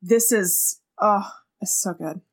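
A woman's voice: medium pitch, takes it slowly. A woman co-hosting a book chat, talking casually about a romance novel, laughing often and quoting characters. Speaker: book podcast co-host.

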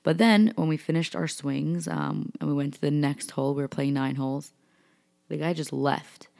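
A young woman from New York telling a personal story in an animated way, full of fillers and acted-out quotes. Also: low-pitched, normal speed, creaky. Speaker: vlogger.

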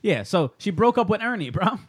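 A man's voice: high-pitched, very animated, brisk. A man co-hosting a podcast, telling rambling stories in casual banter, swearing and laughing often. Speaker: podcast co-host.

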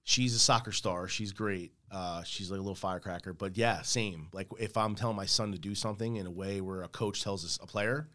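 A man's voice: low voice, fairly even intonation, fairly quick, few pauses, a bit bright. A man in his thirties chatting casually as a podcast guest, rambling and repeating his words. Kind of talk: casual chat.

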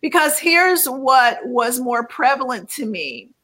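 A woman sharing a personal faith testimony as an interview guest, earnest and measured, often repeating words as she searches for them. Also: high voice, very animated, sharp tone, poor audio.

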